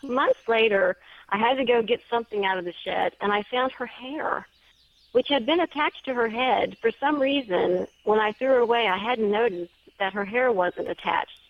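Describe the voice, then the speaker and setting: With a slightly high voice and a moderate pace, this woman appears as a guest on an interview show and chats through a personal story, restarting in small ways. She writes paranormal stories, and the sound is dry and a bit dull, like lo-fi.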